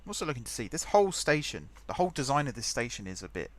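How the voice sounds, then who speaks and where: A man's voice: medium pitch, sing-song, racing. A young man hosting a game let's play, rambling chattily and thinking aloud as he types. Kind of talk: casual gameplay commentary.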